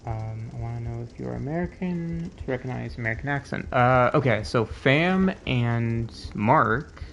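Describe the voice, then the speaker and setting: Brief: Canadian guy streaming, gravelly, lively pitch, noisy audio. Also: normal speed, dull audio. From Ontario, Canada. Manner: rambling, full of fillers, answers chat. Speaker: streamer and co-host. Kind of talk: casual gaming stream chat.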